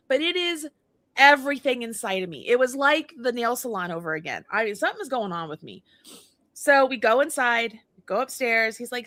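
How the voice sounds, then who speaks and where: Bright, lively middle-aged woman storyteller. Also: fairly high pitch, moderate pace, no room sound. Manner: animated, acts out dialogue, laughs often. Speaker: co-host. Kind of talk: casual storytelling chat.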